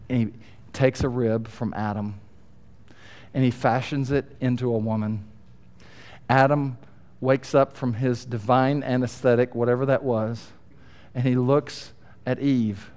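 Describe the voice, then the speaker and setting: A middle-aged male pastor preaching a sermon in an animated, joking way, swinging between quiet asides and booming emphasis. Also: normal speed, clear, resonant tone.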